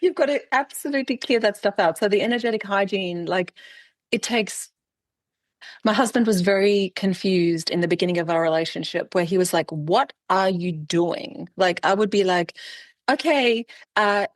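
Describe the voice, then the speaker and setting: This middle-aged woman hosts a podcast in a casual chat format, her medium-pitched voice brisk and free of echo. She tells stories with lots of animation, acting out quoted exchanges amid bursts of laughter, and she often restarts and repeats words.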